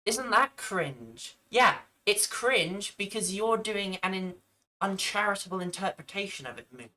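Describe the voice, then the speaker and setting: A woman's voice: medium pitch, moderate pace, sharp tone, low-quality recording. A woman giving reaction commentary on a video, arguing back at the screen in an exasperated, argumentative way.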